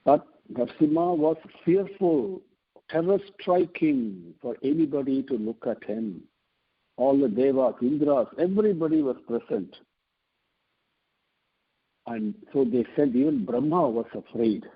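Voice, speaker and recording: Husky man teaching over a phone line. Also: mid-range voice, a little slow. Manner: earnest, repeats and restarts phrases as he explains. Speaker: spiritual teacher. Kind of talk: devotional scripture discourse. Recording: telephone line.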